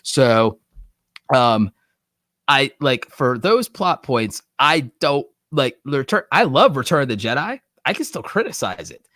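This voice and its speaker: A man hosting a live online show, talking excitedly in a rambling way and saying "like" a lot. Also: medium pitch, unhurried, no room sound, clean studio sound. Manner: excited, rambling, heavy use of "like". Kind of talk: casual livestream chat. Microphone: online streaming setup.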